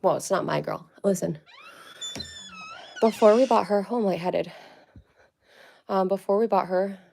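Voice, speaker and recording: A woman's voice: medium pitch, a little slow, vocal fry, mellow, slight background noise. A young woman chatting on a casual livestream from her family home, out of breath, rambling with lots of "like" and baby talk to her pets.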